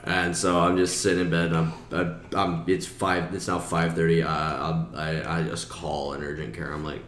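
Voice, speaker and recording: A man's voice: deep voice, level tone, moderate pace, a little hiss or hum. A young man casually telling a profane story, laughing and acting out the other people in it. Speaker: storyteller in a group podcast chat. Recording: roomy echo with loud laughing group.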